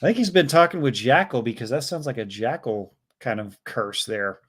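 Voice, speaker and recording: A man's voice: mid-range voice, expressive, normal speed, fairly bright tone, husky. A man hosting a casual livestream, reading viewer chat messages aloud and reacting with chuckles. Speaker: livestream host reading chats. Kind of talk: casual live-stream chat.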